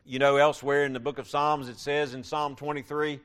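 Man, preacher, sermon, emphatic, repeats phrases, quiet to loud swells, slightly high pitch. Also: flat delivery, fairly quick, clear, resonant tone.

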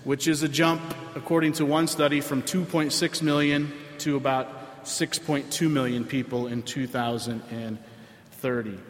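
A man, a pastor giving a sermon in a conversational way with frequent filler pauses. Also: medium pitch, little pitch movement, soft background music. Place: church sanctuary. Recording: roomy hall with long reverb.

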